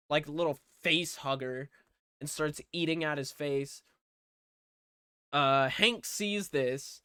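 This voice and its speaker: A man reviewing a movie in a laid-back, unhurried way, peppering his plot recap with swearing and deadpan sarcasm. His voice sits a little high and sounds clean and smooth. The sound is dry and close, with no room around it. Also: no echo. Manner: profane, offhand, jokey sarcasm.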